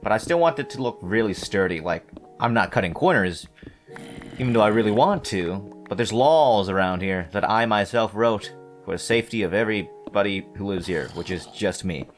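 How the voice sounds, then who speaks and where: A man with a fairly low voice chats casually while he plays, wandering off topic and poking fun at himself. He stumbles and restarts his sentences as he thinks aloud, with soft music playing underneath. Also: animated, normal speed. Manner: meandering, self-deprecating, hesitant restarts. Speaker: gameplay commentator. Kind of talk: casual rambling let's-play commentary.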